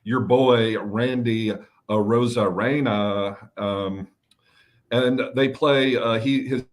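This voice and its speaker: A man's voice: medium pitch, steady tone, slow. A man co-hosting a live fantasy baseball show, talking loosely with jokes, fillers and the odd swear word. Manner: loose and joking, fillers and restarts, mild swearing. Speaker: fantasy baseball podcast co-host. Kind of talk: casual live-stream chat.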